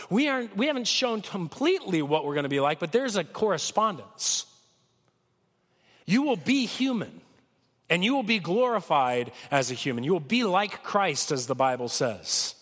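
A man preaching a sermon with a cold, talking conversationally and swinging from loud peaks to soft lows. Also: in a large hall. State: has a cold. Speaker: pastor.

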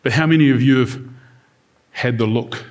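A man's voice: medium pitch, normal speed, darkish tone. A man preaching a sermon in a conversational way, now and then acting out quoted lines in different tones.

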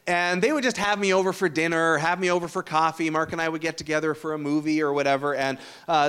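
Casting: male pastor, 30s, high clear voice, relaxed storytelling sermon. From Canada. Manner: storytelling, conversational with uh fillers.

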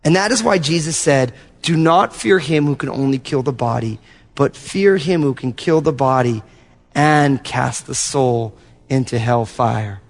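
Man, pastor, sermon, animated storytelling with asides, lingering church-hall echo. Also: medium pitch, measured pace, gravelly.

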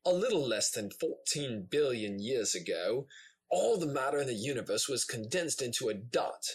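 A man voicing a solemn male documentary narrator in a put-on British accent, slow and grave. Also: medium pitch, lively intonation, slightly rough, voice pushed down.

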